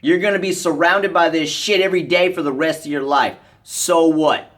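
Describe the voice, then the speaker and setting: An American vlogger rants straight into the camera, blunt and heavy with swearing. The voice sits at a middling pitch and keeps scolding, breaking into shouts now and then. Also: steady tone, normal speed. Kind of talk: angry rant to camera.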